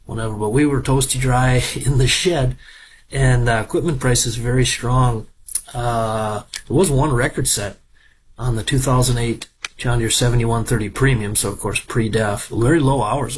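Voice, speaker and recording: A middle-aged man from Minnesota talks through farm auction results in a relaxed, folksy way. His voice is a little husky and sits at an ordinary pitch for a man. He keeps drifting into friendly asides. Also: rough recording. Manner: folksy, digressive, with fillers. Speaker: farm equipment auction reporter. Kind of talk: casual spoken report.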